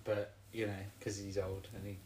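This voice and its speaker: A man's voice: lowish voice, monotone, moderate pace, a little mellow, slight background noise. Male podcast co-host, chatty and meandering, jokey, echoey room. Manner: rambling, hesitant, fillers and jokey asides. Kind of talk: casual chat.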